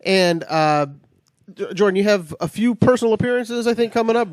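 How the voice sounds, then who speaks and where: A man co-hosting a casual podcast, rambling and halting with fillers and restarts. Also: high voice, dry recording, studio quality. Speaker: co-host.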